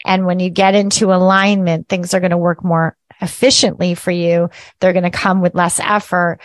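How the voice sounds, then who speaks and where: A woman's voice: fairly low pitch, normal speed, no echo. Chatty woman spiritual teacher, dry sound. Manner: chatty, often ends with "right?"; lively, laughs at herself. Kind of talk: casual teaching monologue.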